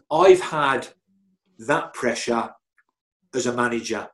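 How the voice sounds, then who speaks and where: As an interview guest, a middle-aged man shares rambling, talkative anecdotes packed with restarts and "you know"s. He speaks at a moderate pace in a mid-range voice with a darkish tone.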